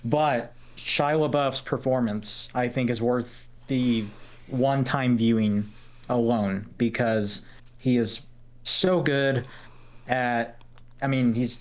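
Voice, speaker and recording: Male podcast co-host, smooth resonant voice, frank and measured reviewer. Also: mid-range voice. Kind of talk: casual film review chat.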